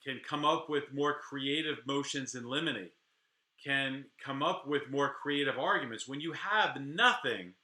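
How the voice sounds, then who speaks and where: A middle-aged man, a criminal defense attorney, talking candidly to camera in a rambling, animated way with frequent restarts. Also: mid-range voice, reverberant. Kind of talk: casual talk to camera.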